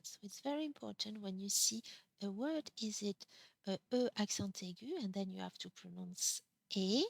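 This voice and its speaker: A woman with a French accent teaching a French lesson, slowly repeating each example word with care. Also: mid-range voice, creaky, no room sound. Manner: slow, careful, repeats example words. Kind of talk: classroom lesson.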